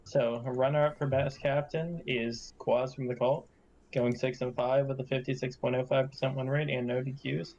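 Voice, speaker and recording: A man's voice: mid-range voice, flat delivery, moderate pace, a little mellow, muffled recording, slight background noise. A man presenting esports award results, listing records and win rates in a plain manner. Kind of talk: reading results in casual chat.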